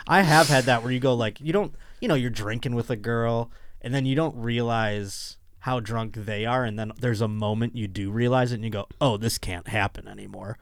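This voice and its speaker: A man's voice: medium pitch, moderate pace. A man hosting a comedy podcast, chatting in a joking, rambling, playful way. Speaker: podcast host. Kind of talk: casual comedic chat.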